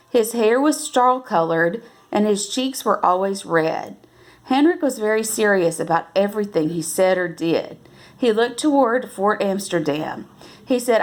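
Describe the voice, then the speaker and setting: A woman reading a novel aloud at an unhurried pace, now and then correcting herself and lifting her voice for the characters' lines. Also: mid-range voice. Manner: unhurried, with self-corrections and restarts. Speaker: reader.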